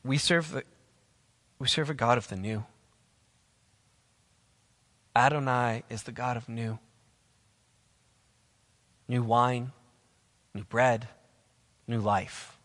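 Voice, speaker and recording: A man's voice: mid-range voice, fairly even intonation, slow, long pauses, a bit bright. A man preaching a sermon to camera, emphatic and repeating his key phrases. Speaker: pastor. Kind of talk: sermon to camera for online viewers. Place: church, filmed on camera. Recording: long reverb hall.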